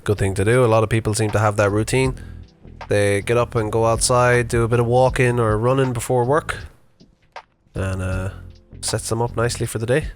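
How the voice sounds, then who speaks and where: A man's voice: medium pitch, fairly even intonation, a little fast, soft background music. A man in his thirties casually narrating an unscripted vlog while walking his dog outdoors, chatty and rambling with fillers. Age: 30s. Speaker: vlogger. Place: outdoors on a morning walk.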